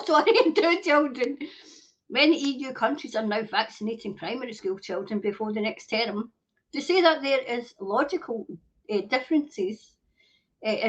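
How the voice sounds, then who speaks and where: A woman hosting a commentary show, reading news aloud and breaking into angry, swearing rants full of rhetorical questions, with occasional coughs. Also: fairly high pitch. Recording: dull lo-fi home recording.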